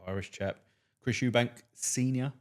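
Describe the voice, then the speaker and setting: A man's voice: medium pitch, normal speed. A man, a cab driver and stand-up comic, telling blunt, profane stories on a podcast. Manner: blunt, profane, deadpan storyteller. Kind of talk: swearing anecdotal storytelling.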